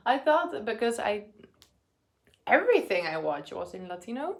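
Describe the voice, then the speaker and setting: Brief: young adult woman, eating-vlog chat, slow, unhurried delivery, halting, drops to murmurs and whispers. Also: a little high, big pitch swings, a bit bright. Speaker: vlogger.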